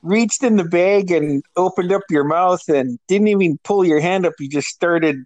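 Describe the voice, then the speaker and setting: A man's voice: high voice, moderate pace, darkish tone, no room sound, rough recording. A man in his forties from Alaska, telling a funny swear-laced story in a casual chat and laughing often as he goes. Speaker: podcast co-host.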